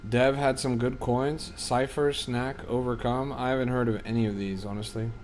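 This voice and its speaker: A man's voice: mid-range voice, flat delivery, moderate pace, a little mellow, slight background noise. A man streaming as a crypto trader, giving casual, offhand livestream commentary that is often profane as he reads and answers his chat.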